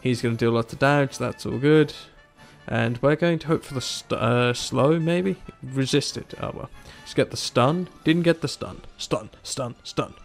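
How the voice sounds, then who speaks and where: A young man casually commentating over his gameplay, animated and exasperated, acting out his own reactions. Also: mid-range voice, measured pace, vocal fry, faint music behind. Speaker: gaming YouTuber. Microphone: desktop mic, no camera.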